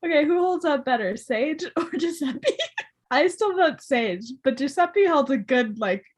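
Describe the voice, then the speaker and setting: A young woman co-hosting a casual book podcast, animated, laughing often and acting out characters' lines. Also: high-pitched, unhurried, a little hiss or hum. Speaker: podcast co-host.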